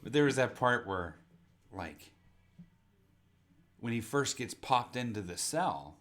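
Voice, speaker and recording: A man's voice: medium pitch, lively intonation, slow, fairly bright tone. A man co-hosting a podcast in casual chat, enthusiastic and swearing often. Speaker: podcast co-host.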